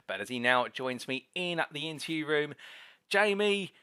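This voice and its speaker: Bright-voiced male race broadcast host. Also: on the high side, lively intonation, moderate pace, clear, resonant tone. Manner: formal, flowing broadcaster phrasing. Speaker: sim racing broadcast host and interviewer. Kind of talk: live broadcast commentary and interview.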